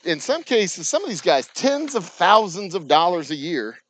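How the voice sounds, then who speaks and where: On his distillery's channel, a Texan-accented host rants casually and sarcastically at the camera, swearing often and mimicking people mockingly. He speaks at normal speed in a high-pitched, sing-song, slightly bright voice, and the recording is rough.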